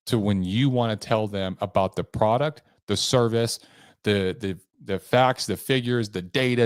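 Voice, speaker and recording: Medium in pitch, a podcast host who trains people in sales gives an emphatic, motivational solo talk, adjusting pace and tone for effect. The recording is dry and of studio quality.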